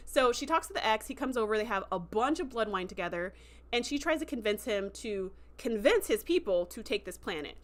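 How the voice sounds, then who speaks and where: A woman's voice: on the high side, lively intonation. Chatty enthusiastic woman reviewing a show. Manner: chatty and enthusiastic, many fillers, quick acted quotes. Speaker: show host recapping a TV episode. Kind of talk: casual livestream review.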